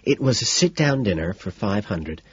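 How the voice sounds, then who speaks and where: A man reads a first-person novel in a cool, detached, deadpan manner. His voice is low and a little husky. The recording is dry, dull and lo-fi. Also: moderate pace, dry recording. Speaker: audiobook narrator.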